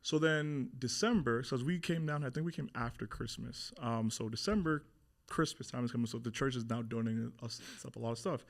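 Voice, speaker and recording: Fast-talking young man telling a story. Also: medium pitch, creaky. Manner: animated retelling, acting out quoted voices, frequent swearing and fillers. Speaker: interview guest. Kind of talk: candid storytelling in a podcast interview.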